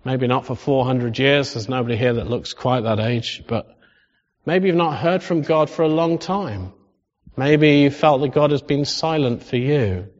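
A man preaching a sermon in a conversational style that rises into animated emphasis. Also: medium pitch, measured pace. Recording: dull sound with long hall reverb.

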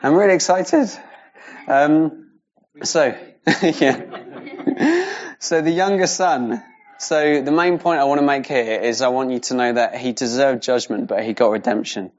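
A man leading an informal Bible teaching, talking casually with many fillers and tag questions. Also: mid-range voice. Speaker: Bible study leader. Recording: slightly dull lo-fi recording.

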